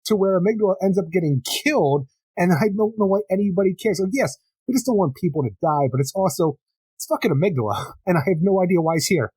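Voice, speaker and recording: Husky slightly high guy recapping comics on a podcast, sarcastic, dry close mic. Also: lively intonation, fast, a little mellow, no room sound. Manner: long run-on plot recaps, sarcastic asides. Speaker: podcast co-host. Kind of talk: casual comic book review chat.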